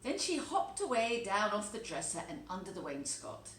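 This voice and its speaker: A woman teacher reading a children's storybook aloud, telling it with expressive, animated delivery. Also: medium pitch, normal speed. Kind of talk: storybook read-aloud narration. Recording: echoey room, faint background noise.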